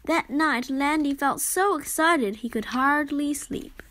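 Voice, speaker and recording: A woman reading a children's storybook aloud in a gentle, expressive way. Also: high voice, slow pace.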